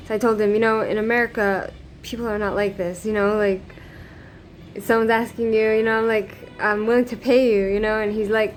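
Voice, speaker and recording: A woman vlogging a story to her camera in a casual, rambling way, with plenty of fillers and restarts. Her voice sits at an ordinary middle pitch. A faint background hiss runs under the recording. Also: fairly even intonation, fairly quick. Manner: rambling, many fillers and restarts, laughs often. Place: living in Israel.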